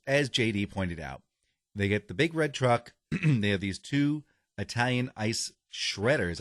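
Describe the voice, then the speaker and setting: A man's voice: fairly low pitch, a bit bright, dry recording, clean studio sound. A man co-hosting a casual podcast, rambling and cutting himself off as he reads a sponsor spot. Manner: rambling, self-interrupting. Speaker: podcast co-host. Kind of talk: casual podcast chat with a read ad.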